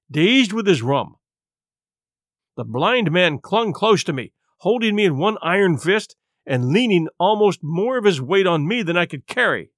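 Expressive male audiobook narrator, dry sound. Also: a little high, dry recording. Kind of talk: scripted narration.

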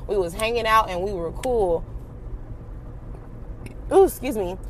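A young adult woman telling a personal story in casual, slangy talk, animated and swearing freely. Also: mid-range voice, unhurried, slight background noise.

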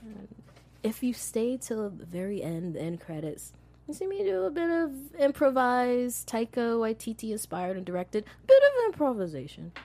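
A woman's voice: on the high side, big pitch swings, normal speed, mellow. A woman hosting a casual movie news chat, bubbly and giggly as she talks. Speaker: host.

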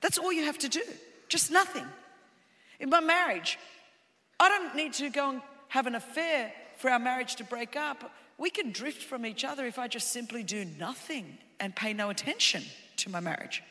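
A woman preaches to a congregation, her high, piercing voice swelling into shouted refrains before sinking to a quiet, intimate tone. Her words ring out in a large hall with a long reverberant tail. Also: expressive, moderate pace. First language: Greek heritage speaker of English. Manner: impassioned, rising to shouts, then dropping low and intimate. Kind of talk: sermon. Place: church auditorium.

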